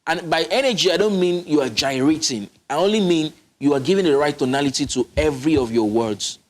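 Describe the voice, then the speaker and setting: A man's slightly high, slightly fast voice comes through as he, a public speaking coach, emphatically explains his methods in a studio interview. His delivery is instructive, with frequent restarts mid-sentence.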